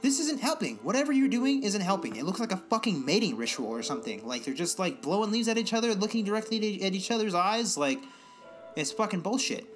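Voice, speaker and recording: A young man co-hosting a podcast in loose casual chat, rambling and swearing freely as he rants with animated outbursts. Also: high voice, fast talker, faint music behind. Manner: rambling, profane, animated ranting. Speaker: podcast co-host.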